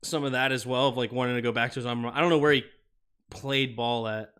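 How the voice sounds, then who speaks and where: A man hosting a football livestream alternates between clipped play calls and reading viewer comments aloud with his replies. He speaks fast in a steady mid-range voice with a fairly bright, clean tone.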